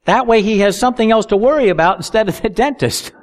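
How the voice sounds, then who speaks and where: A middle-aged man preaching a sermon as pastor, earnest, slowing down to stress key words. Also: sits high.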